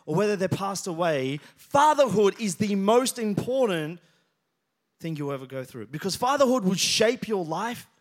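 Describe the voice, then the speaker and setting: In a church hall, a male pastor spins funny stories during his sermon, joking and naming congregation members directly. He has a high-pitched, sing-song voice at a normal speed.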